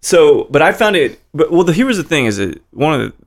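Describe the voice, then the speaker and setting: Gravelly-voiced man hosting a chat. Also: a little high, big pitch swings, a little fast. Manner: loose, swearing, enthusiastic, interrupts himself. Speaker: podcast host. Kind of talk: casual conversational interview.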